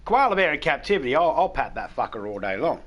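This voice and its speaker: Blunt, swearing Aussie bloke, middle-aged. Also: male voice, medium pitch, very animated, quick pace, a bit bright, highs cut off. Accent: Australian. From Australia. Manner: rambling, swears freely, blunt and jokey. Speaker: game streamer. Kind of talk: casual chat.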